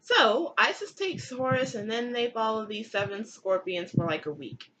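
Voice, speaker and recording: A woman's voice: on the high side, expressive, normal speed, background noise. A young woman retelling a myth in a giggly, irreverent comic style with crude asides. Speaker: comedic storyteller.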